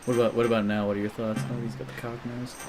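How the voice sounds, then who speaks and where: A young man co-hosting a casual let's play, goofy and giggly, stammering a bit and yelling at the screen at times. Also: mid-range voice, little pitch movement, rapid-fire. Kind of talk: casual gaming commentary. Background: game music.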